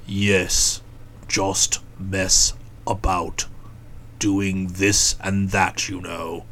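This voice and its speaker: A woman putting on a gruff, curt young gentleman. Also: rumbling low, level tone, extremely slow, slight background noise, pitched below the performer's own voice, heavily acted. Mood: guarded. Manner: curt, guarded one-word replies. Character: gruff, touchy young Englishman, secretly engaged. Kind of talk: audiobook character voice.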